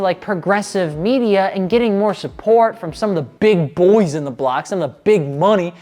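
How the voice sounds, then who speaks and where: A woman's voice: medium pitch, a little mellow. A woman hosting a scripted commentary video, speaking casually with sarcastic jokes and side remarks. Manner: sarcastic, joking asides. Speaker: video essayist.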